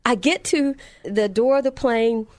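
A woman's voice: fairly high pitch, a little slow, darkish tone, dry recording. A middle-aged woman telling a personal testimony story in an earnest, emphatic way, repeating phrases for effect.

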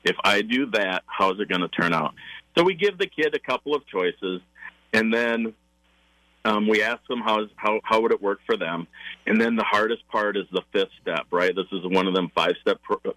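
Man with a low, bright voice explaining parenting steps. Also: moderate pace, no room sound, low-quality recording. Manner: enthusiastic, explains step by step, acts out parent and child lines. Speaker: parenting class facilitator. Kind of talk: radio interview guest.

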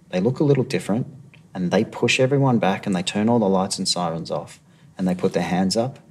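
An Australian man, a police negotiator, calmly reflecting on his work in a documentary interview. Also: sits low, vocal fry, breathy edge.

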